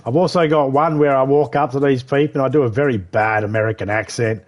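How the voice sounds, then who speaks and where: A man's voice: mid-range voice, quick pace. A man chatting casually on a live game stream, swearing freely, laughing often and rambling. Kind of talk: casual gaming chat. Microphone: headset.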